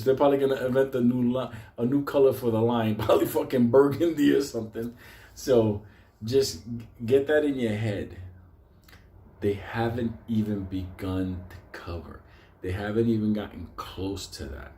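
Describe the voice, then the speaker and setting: Speaking with a fairly low, mellow voice at a moderate pace, an older man hosting a stock market video rambles casually to his audience. It's a profane monologue full of constant swearing and frequent laughter.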